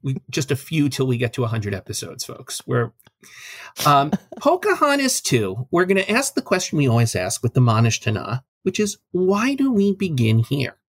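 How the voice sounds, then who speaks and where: A man's voice: medium pitch, very animated, normal speed, no room sound. A man co-hosting a podcast, chatting casually and jokingly about a film, on a close mic. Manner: jokey, playful asides. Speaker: podcast co-host. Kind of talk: casual film discussion chat.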